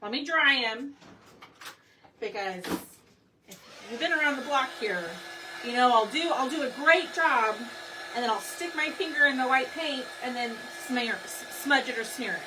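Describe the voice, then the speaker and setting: A woman's voice: high voice, expressive, normal speed, distant mic. Chatty woman crafting live. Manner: chatty, talks to viewers by name. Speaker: craft livestream host. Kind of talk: casual live craft chat. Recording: faint room noise, somewhat off-mic.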